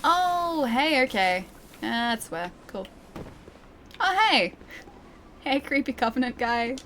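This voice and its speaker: A woman's voice: on the high side, very animated, takes it slowly, a bit bright, a little hiss or hum. A young Australian woman streaming a game, chatting and giggling to her chat as she plays. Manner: chatty, giggly, talks to chat while playing. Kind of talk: let's play commentary.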